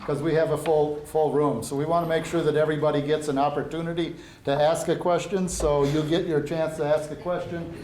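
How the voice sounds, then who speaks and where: A man moderating a university event. He makes announcements and sets the rules for questions in a relaxed way, with uh fillers. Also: fairly high pitch, a little fast, hardly any pauses. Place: lecture room at a university. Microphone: no microphone, room recording. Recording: echoey room with faint noise.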